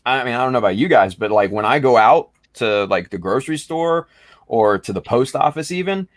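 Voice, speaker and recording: A man hosting a casual chat, talking in a rambling, halting way with many fillers. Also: mid-range voice, expressive, no room sound. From United States. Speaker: podcast host.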